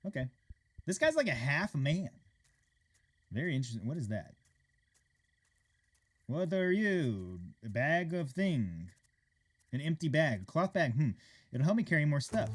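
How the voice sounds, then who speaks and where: Animated man playing a horror game. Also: a little high, unhurried, pauses often, husky, faint music behind. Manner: animated reactions, jokey asides. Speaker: gaming channel host. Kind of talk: let's play commentary.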